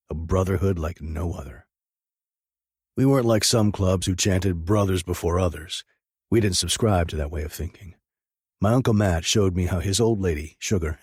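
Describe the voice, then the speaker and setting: A man's voice: deep voice, a little mellow, husky, no room sound, studio quality. A man narrating a first-person audiobook with an intense, dramatic reading.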